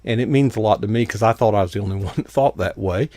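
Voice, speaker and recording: A man hosting an interview show, talking in a halting way as he searches for words. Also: lowish voice, a loud crowd. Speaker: host.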